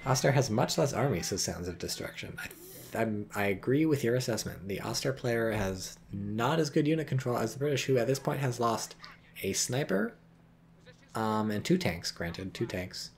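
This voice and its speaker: A man's voice: medium pitch, animated, normal speed, creaky, a little hiss or hum. A man giving casual, profane, sarcastic commentary on a strategy game replay and reading viewer chat aloud.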